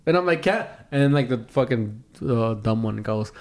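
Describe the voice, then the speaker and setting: A young man co-hosting a podcast, telling a long, animated story full of swearing and acted-out voices. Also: medium pitch, moderate pace. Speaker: podcast co-host. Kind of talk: casual storytelling.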